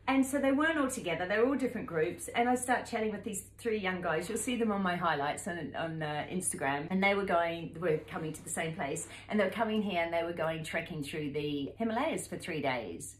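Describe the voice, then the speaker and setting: A woman in her fifties with a New Zealand accent, telling a travel story to camera in a lively, animated way and acting out the voices in it. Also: lowish voice, fairly quick, hardly any pauses, echoey room, poor audio. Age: 50s. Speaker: travel vlogger.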